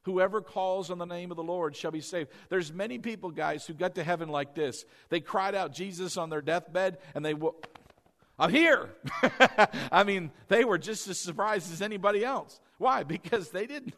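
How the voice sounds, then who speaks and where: Animated high-voiced preacher, swinging loud to quiet. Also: male voice, normal speed, few pauses. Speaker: pastor. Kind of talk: sermon.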